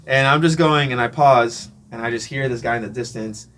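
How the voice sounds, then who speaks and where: A man being interviewed, telling a casual story, animated and acting out the voices of people he met, often laughing. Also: medium pitch, brisk, very noisy. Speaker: interview guest, drummer.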